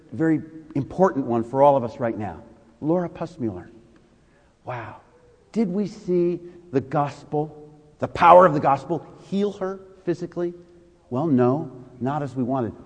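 A man's voice: a little high, darkish tone, in a large hall. A male pastor preaching a sermon, leaning hard on key words and drawing them out for emphasis.

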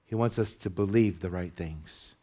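A male pastor preaching to his congregation in church, moving from measured teaching into loud, high-pitched exhortation. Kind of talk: sermon.

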